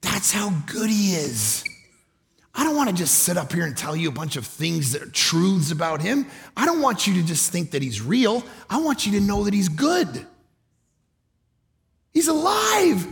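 Canadian guy preaching, gravelly fry, big church hall echo trailing behind him. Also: sits high, sing-song, normal speed. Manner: swings from hushed storytelling to loud shouting. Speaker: pastor. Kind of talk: sermon. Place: church auditorium. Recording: long reverb of a large hall.

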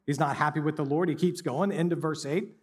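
A man's voice: a little high, fairly even intonation, brisk, big-room sound. A male pastor, preaching a conversational sermon that builds to emphatic peaks.

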